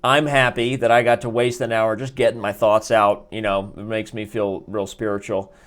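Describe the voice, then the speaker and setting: A man's voice: fairly low pitch, flat delivery, moderate pace, fairly bright tone. A man reviewing chess games on a live stream, chatty and jokey, rambling with restarts and asides from his desk. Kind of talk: casual live game review. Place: indoors at a desk.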